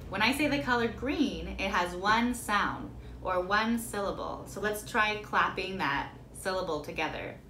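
A woman music teacher leading a children's rhythm lesson, explaining slowly and chanting words for clapping. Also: medium pitch, expressive, reverberant. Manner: slow, clear instruction with chanted, clapped words.

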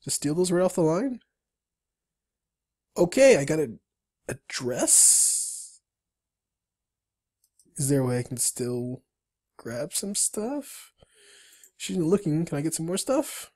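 A game tutorial player narrating a walkthrough, reading story text aloud and breaking off for casual asides. The voice moves up and down a lot, in a lively and animated way. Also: mid-range voice, moderate pace. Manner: chatty asides while reading on-screen text.

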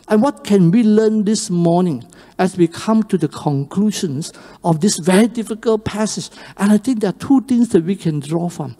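Slow, mellow preacher in an echoing church. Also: mid-range voice. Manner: animated storytelling with sharp swings from loud to hushed. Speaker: pastor. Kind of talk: sermon. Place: church sanctuary. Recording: long reverb of a church hall on a live stream.

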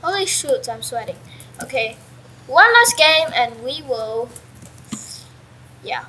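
High, bright-voiced excitable young woman gamer. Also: slow pace, a little hiss or hum, low-quality recording. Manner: chatty and excitable, with sudden yelps and mild swearing. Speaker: gamer commentating her own play. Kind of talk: casual let's-play commentary. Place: at home with a pet dog nearby.

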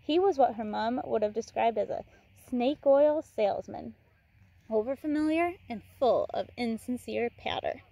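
Lady teacher reading a chapter book aloud, mellow voice, a bit high, chatty asides. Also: moderate pace, vocal fry, no echo. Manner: relaxed, with chatty asides and laughter.

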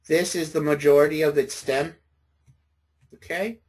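A man's voice: on the high side, steady tone, a little slow, a little mellow, husky. A man lecturing a college class, patient and friendly, often checking in with his students.

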